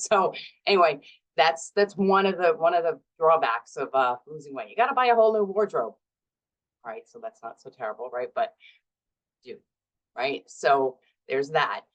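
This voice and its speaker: Brief: middle-aged woman vlogger, low voice, chatty and self-mocking, laughs easily. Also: expressive, moderate pace, lo-fi sound. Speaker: vlog host. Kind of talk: casual talk to camera.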